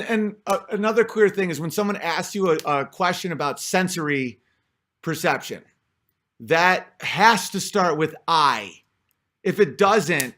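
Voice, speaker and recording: A man's voice: high-pitched, a bit bright. A man talking in a casual spoken monologue, rambling with many fillers and restarts.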